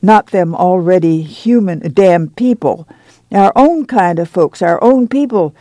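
A man's voice: sits high, animated, measured pace, dark tone, no echo. A man voicing a stocky, fiercely pious camp woman who scolds in a rural dialect for an audiobook. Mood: fervent. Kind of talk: audiobook reading.

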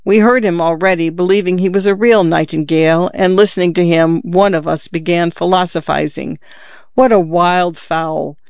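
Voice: mid-range voice, steady tone, moderate pace, gravelly, no room sound, dull audio, lightly acted. A reader voicing a skeptical old father who grumbles and philosophizes with dry humor. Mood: grumbling. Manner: wry, musing, dry humor.

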